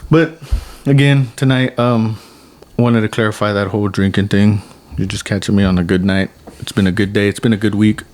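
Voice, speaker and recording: A man's voice: lowish voice, brisk, a little hiss or hum. Brief: young male podcast co-host, casual rambly chat, lots of restarts, acts out quotes. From United States. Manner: rambling storyteller, many restarts, animated quotes. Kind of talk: casual chat over drinks.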